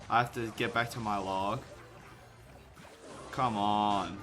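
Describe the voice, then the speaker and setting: A man's voice: on the low side, fairly even intonation, slow, pauses often, a bit bright, faint music behind. A young man swearing and ranting as he comments on his own gameplay. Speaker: gamer. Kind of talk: casual gaming commentary.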